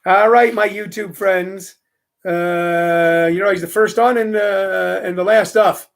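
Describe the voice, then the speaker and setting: A man from St. Louis hosts a casual live-streamed comedy show, chatting loosely and wandering off on tangents. His voice sits fairly high, with a gravelly rasp. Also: fairly even intonation, takes it slowly. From St. Louis, Missouri. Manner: rambling, chatty, self-interrupting.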